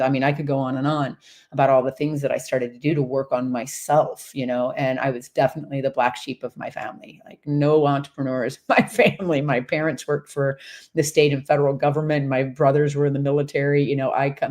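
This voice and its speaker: A woman in her fifties casually telling a personal story, rambling and animated, with lots of fillers and laughter. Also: very deep voice. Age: 50s. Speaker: horse-based coach and community host.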